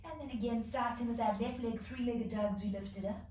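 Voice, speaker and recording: A woman leads a yoga flow in a calm, steady voice, slightly out of breath as she does the poses with the class. She sounds set back from the mic in a very echoey room, with a faint hiss underneath. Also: a little high, brisk, far from the mic. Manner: calm, flowing cues with soft exhales between moves. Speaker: yoga instructor. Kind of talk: guided yoga class instruction.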